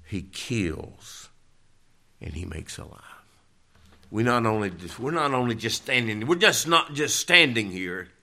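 A male pastor preaching a sermon, emphatic, swinging from loud declarations to low, quiet lines. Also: animated, a little slow, vocal fry.

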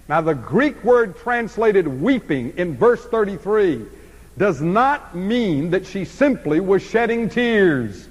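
A man preaching an expository sermon, swinging from emphatic passages to hushed ones. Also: high-pitched, sing-song, slow pace, slightly rough, long reverb tail, dull audio.

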